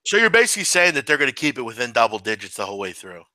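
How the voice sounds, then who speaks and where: This is a man chatting about sports bets on a live stream, animated and quick to swear. His voice is bright and jumps all over in pitch. The sound is close and dry. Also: dry recording, low-quality recording. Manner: animated, swears freely, teasing. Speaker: sports betting co-host. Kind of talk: casual live betting chat.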